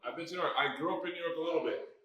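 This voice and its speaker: A man, a comedian from Miami, telling a story in a casual interview, animated and swearing, acting out what people said. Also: a little high, very fast. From Miami, Florida. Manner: animated, swearing, acts out quotes. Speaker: comedian guest. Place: brewery after a comedy show. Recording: echoey bar with crowd noise. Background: crowd chatter.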